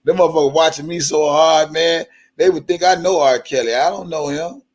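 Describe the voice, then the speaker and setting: A man's voice: on the high side, fairly even intonation, a little fast, a little mellow. A man with a Baltimore accent, hosting a live stream in a profane, heated rant.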